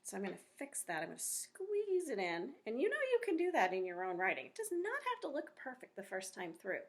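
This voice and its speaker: A woman teaching a phonics lesson to young children, talking slowly and clearly in an encouraging way. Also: on the high side, huge pitch swings.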